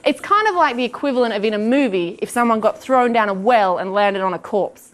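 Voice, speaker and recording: A young woman doing a stand-up comedy set on stage, self-deprecating, with quick asides and acted-out quotes. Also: on the high side, sing-song. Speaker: stand-up comic. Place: comedy stage before live audience. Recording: live room with audience laughter and noise.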